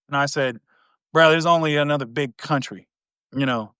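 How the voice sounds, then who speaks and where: Speaking a little fast in a smooth, mid-range voice, this East Tennessee podcast host chats casually and brings his stories to life by voicing the characters. The sound is clean studio audio with no echo.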